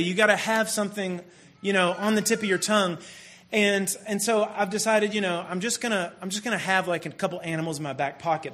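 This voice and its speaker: A man's voice: sits high, fairly bright tone. A man in his thirties giving a conversational, self-deprecating sermon built on a family story. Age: 30s. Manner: conversational and self-deprecating, many restarts and asides. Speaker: pastor.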